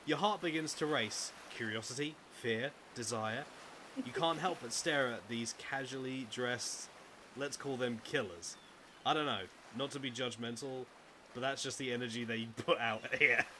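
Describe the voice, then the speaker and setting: A man's voice: medium pitch, normal speed, sharp tone, a little hiss or hum. A man reading a game's story aloud in a mock-dramatic way, breaking off for joking asides. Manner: playful, mock-dramatic, swears for laughs. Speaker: streamer reading a visual novel. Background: game music.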